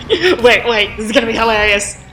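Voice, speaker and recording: A woman's voice: fairly high pitch, animated, moderate pace, sharp tone, a little hiss or hum. A woman hosting a reaction video in casual chat, rambling with lots of ums and likes.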